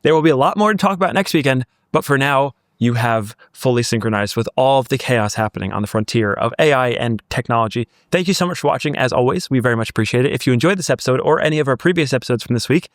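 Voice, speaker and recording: A man from the United States hosting a casual tech podcast, upbeat and energetic. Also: medium pitch, fast, hardly any pauses, dry recording, clean studio sound. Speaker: podcast host.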